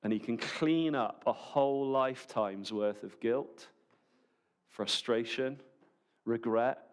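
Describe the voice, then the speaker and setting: A man preaching a sermon at a church service, animated and conversational, full of rhetorical questions. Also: fairly high pitch, clear, resonant tone.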